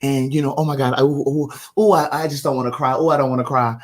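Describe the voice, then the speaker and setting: A man putting on a soft, hushed voice for a nervous young woman admirer close to tears. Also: medium pitch, steady tone, quick pace, natural voice.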